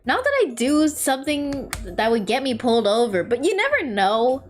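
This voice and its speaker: A woman's voice: high voice, big pitch swings, normal speed. A young adult woman streamer telling rambling, self-mocking stories in casual chat while she draws.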